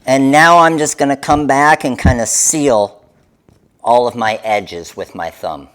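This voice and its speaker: A man leads a live craft tutorial, explaining each step to his viewers. He talks at an unhurried, deliberate pace, his pitch sitting in the middle range. His manner stays upbeat and hands-on. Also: fairly bright tone, clear, resonant tone. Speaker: craft demonstrator.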